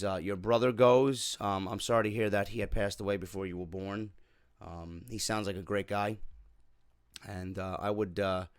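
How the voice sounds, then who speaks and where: Man, wrestling show host, reads a fan letter, replies in sympathy, casual, filler-heavy, lowish voice. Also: clean tone, dry recording, clean studio sound. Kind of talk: reading a viewer letter and replying.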